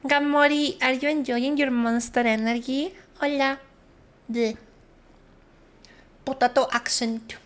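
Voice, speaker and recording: A woman's voice: high voice, fairly even intonation, a little slow, pauses often, a bit bright. A woman streamer, chatting casually with her viewers and greeting them one by one. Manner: chatty, greets viewers one by one, switches between English and Spanish.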